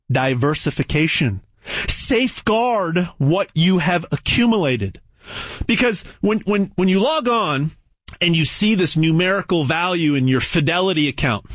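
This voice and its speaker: Lively husky-voiced male pitchman. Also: no room sound, studio quality. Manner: emphatic, repetitive, folksy. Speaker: gold sales pitchman. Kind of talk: persuasive sales pitch.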